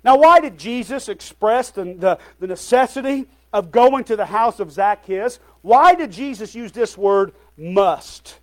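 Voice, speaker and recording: A man's voice: high voice, expressive, a little slow, hardly any pauses. A male pastor preaching a sermon to his congregation, calling out "Amen?" and "folks" often and sometimes stumbling over his words.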